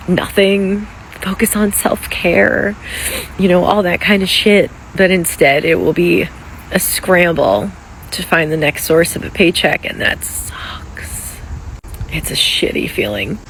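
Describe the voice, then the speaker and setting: A laid-off office worker vlogs in a loose, rambling way, swearing freely as worry runs through the talk. The voice sits at a middling pitch and keeps an anxious edge. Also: measured pace, fairly bright tone, slight background noise, poor audio. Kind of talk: casual selfie vlog.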